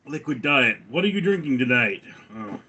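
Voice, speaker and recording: A man's voice: mid-range voice, sing-song, moderate pace, pushed and bright, breathy edge, muffled recording. A slightly tipsy man hosting a casual livestream, rambling and joking as he answers viewers' chat one by one. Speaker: livestream host reading chat.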